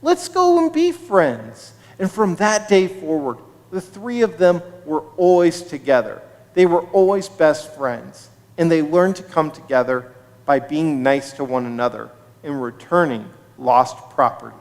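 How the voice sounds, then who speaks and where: A man leading a synagogue service, telling a children's story in an expressive, storytelling manner. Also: on the high side, measured pace. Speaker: service leader. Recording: reverberant sanctuary livestream.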